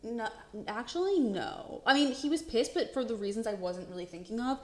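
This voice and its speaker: A young woman co-hosting a podcast, telling a story in an animated way, laughing, swearing and acting out the quotes. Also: fairly high pitch, a little fast. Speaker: podcast co-host. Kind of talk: casual storytelling chat. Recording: roomy echo.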